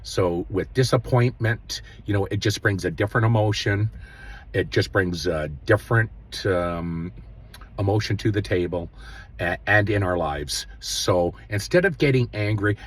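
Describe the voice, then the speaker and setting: Hosting his own show, a man offers earnest spiritual self-help advice in a casual way, with many pauses and fillers. His voice is fairly low with a breathy edge.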